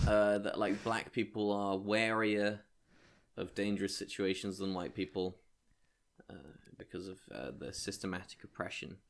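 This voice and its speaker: A man's voice: on the low side, fairly even intonation, moderate pace. A man co-hosting a podcast, chatting casually in a rambling, wry way. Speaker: podcast co-host. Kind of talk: casual chat.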